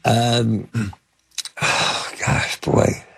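An older man with a gravelly, medium-pitched voice tells casual stories as an interview guest; he's a film producer. His tone is level and a bit bright, he draws out his words, and there's no room sound. He rambles, with lots of fillers, restarts and acted-out quotes.

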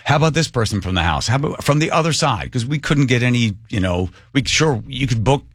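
A man co-hosting a radio talk show, telling a story in a casual, animated way and acting out the voices of the people he quotes. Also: fairly quick, husky, no echo, clean studio sound. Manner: animated, acts out quoted voices, jumps pitch for emphasis.

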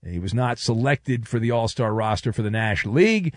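A man hosting a casual sports talk show, sarcastic and animated, who acts out the exchanges he quotes. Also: mid-range voice, a little fast, no echo, studio quality. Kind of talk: casual sports commentary monologue.

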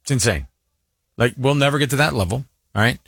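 A man's voice: mid-range voice, a little fast, gravelly, slightly rough, no echo, clean studio sound. A man in his forties co-hosting a radio show, telling rambling stories in casual chat and acting out other people's voices. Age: 40s. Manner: rambling, animated storyteller who acts out voices.

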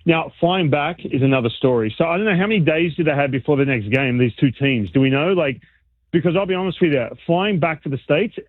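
A man's voice: medium pitch, no echo. Australian man on a tinny phone line. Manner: chatty, animated, frequent restarts. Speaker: baseball analyst guest. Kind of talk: casual sports radio chat.

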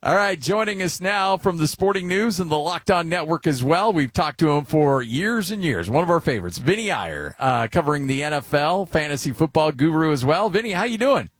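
A man's voice: fairly high pitch, fairly quick, few pauses, no room sound. Chatty male sports radio host. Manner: chatty, tells stories with lively quoted voices. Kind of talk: casual sports radio chat.

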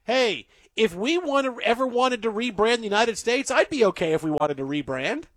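A man's voice: very high voice, lively intonation, normal speed, fairly bright tone, dry recording. A man hosting a sports radio show from a studio, bantering and laughing, acting out quoted voices. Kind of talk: late-night radio banter.

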